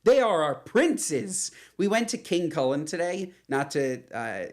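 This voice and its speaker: A woman's voice: sits low, sing-song, a little slow, darkish tone. A woman in her thirties co-hosting a casual chat, playful and rambling, teasing her partner. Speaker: podcast co-host.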